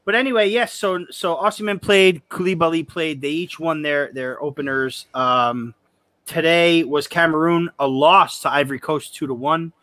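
A man's voice: on the high side, fairly bright tone, no echo. Chatty man co-hosting a football show. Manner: chatty, joking, quick restarts. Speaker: co-host of a football podcast. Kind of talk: casual chat.

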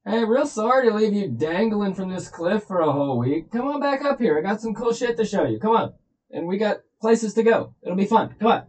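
Man doing a shrill excited guide, coaxing and chummy, a bit off-mic. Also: a little fast, poor audio. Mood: eager coaxing. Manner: eager, coaxing, casual.

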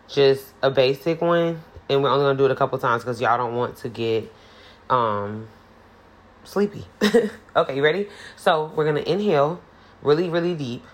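Woman podcast host, low voice, playful and profane, laughs a lot. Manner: chatty and playful, laughs often, swears casually. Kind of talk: casual solo podcast chat.

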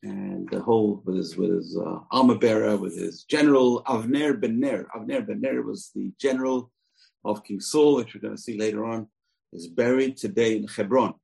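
Gravelly male Torah teacher. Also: lowish voice, normal speed, darkish tone, low-quality recording. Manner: chatty and digressive, with asides. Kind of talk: casual scripture lesson.

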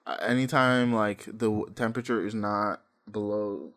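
A young man co-hosting a podcast, casually telling stories, laughing often and breaking into loud impressions of hype men. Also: lowish voice, fairly even intonation, normal speed. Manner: laughing storyteller, mimics hype men with yells. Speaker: podcast co-host. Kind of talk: casual chat.

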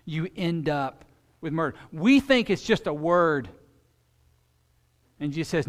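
A man preaching a sermon as pastor, swinging between loud emphatic stretches and quiet, intense ones. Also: on the high side, big pitch swings, measured pace. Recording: long reverb of a large hall.

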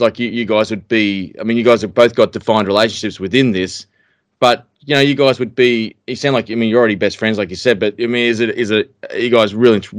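A man's voice: lowish voice, no echo, studio quality. An Australian man hosting a podcast interview, asking long rambling questions full of fillers. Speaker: podcast host. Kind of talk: casual interview.

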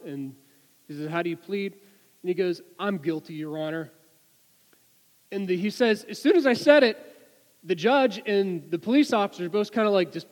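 A man giving a sermon, telling an anecdote with lively delivery and many restarts and repeated words. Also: sits high, big-room sound, low-quality recording. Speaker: preacher. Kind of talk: sermon with storytelling.

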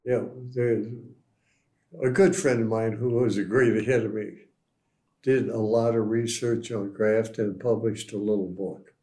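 A man recounting researched local history in casual conversation, pausing with fillers as he goes. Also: on the low side, fairly even intonation, warm tone.

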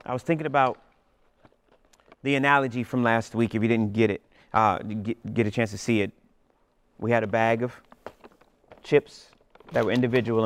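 A man preaching a sermon as pastor, retelling scripture in a lively storytelling way. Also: on the low side, gravelly, no echo.

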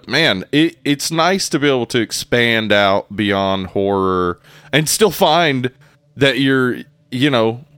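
A young adult man chats on his podcast in a relaxed, rambling way, often stopping to restart his sentences. His voice is smooth and even. The recording is dry and close, with no room sound. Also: mid-range voice, no echo. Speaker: podcast co-host. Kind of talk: casual chat.

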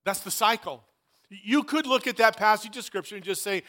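Pastor guy in his 60s preaching, highish voice, leans on words and says them twice. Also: normal speed, bright, forceful tone. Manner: emphatic, repeats phrases, dry asides. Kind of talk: sermon.

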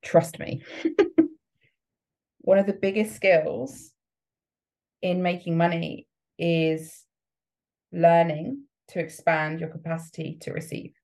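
Woman coach, lowish voice, emphatic motivational talk, laughs often and acts out inner voices. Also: fairly even intonation, slow, creaky, long pauses, a little mellow. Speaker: business coach.

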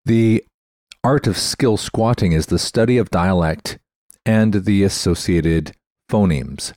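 A man hosts a tech podcast in a casual, explanatory way. His voice sits very low, recorded dry with no room sound. He often stops to spell a word out letter by letter. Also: slow pace, darkish tone, dry recording. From Canada. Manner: chatty, spells words out letter by letter. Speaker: podcast host.

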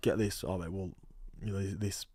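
A young man, a rugby player guest telling animated stories in a casual podcast chat. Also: deep voice, moderate pace, slightly rough, dry recording, studio quality. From England. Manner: storytelling, animated quoting, laughs often. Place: podcast studio.

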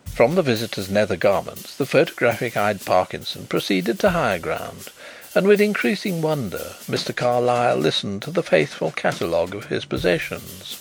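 A man narrating an audiobook in a steady, even storytelling manner. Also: medium pitch, moderate pace, creaky, soft background music, low-quality recording. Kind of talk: scripted narration.

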